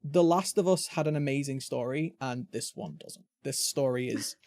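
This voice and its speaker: A man's voice: medium pitch, normal speed, a little mellow, no echo, clean studio sound. A British man hosting a gaming podcast, chatting casually and rambling with frequent restarts. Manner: chatty, rambling, self-interrupting. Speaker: podcast host. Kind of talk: casual chat.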